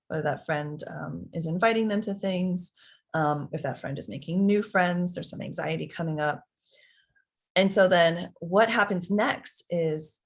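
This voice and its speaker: A woman in her thirties giving parenting advice in a conversational way, acting out little dialogues between parent and child. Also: low voice. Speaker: parenting expert. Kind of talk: advice talk answering parents' questions.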